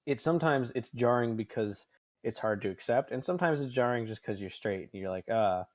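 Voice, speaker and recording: A man's voice: mid-range voice, expressive, a little fast, dry recording. A man in his twenties hosting a casual podcast chat, rambling, swearing often and laughing a lot. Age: 20s. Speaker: podcast host.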